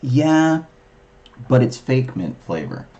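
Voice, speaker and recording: A woman co-hosting a livestream and chatting casually, wry and animated, often restarting her sentences. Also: very deep voice, slow pace, dull audio. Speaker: livestream co-host. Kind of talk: casual chat.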